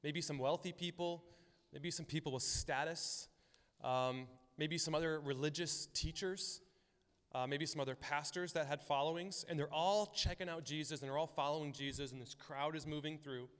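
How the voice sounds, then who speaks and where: A man preaching in a relaxed, talky way, slipping into the voices of the people in his stories. His voice sits a little higher than most men's. The sound carries a long reverb from a large church hall. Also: moderate pace, clean tone. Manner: casual and chatty, acts out voices in the stories. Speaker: pastor. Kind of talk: conversational sermon.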